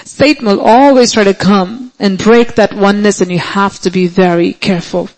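Emphatic preacher, repeating for stress. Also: male voice, sits high, steady tone, rough recording. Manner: emphatic, repeats key phrases, stretches words slowly for stress. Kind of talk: sermon.

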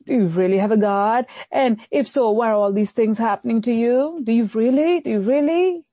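A woman pastor preaching a sermon, slowing down to stress phrases and mockingly voicing the enemy's taunts. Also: on the high side, no room sound, muffled recording.

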